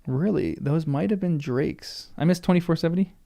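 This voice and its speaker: A man's voice: a little high, normal speed, gravelly, mellow. A man reading a book aloud for the first time, stumbling over names and stopping to muse about pronunciation.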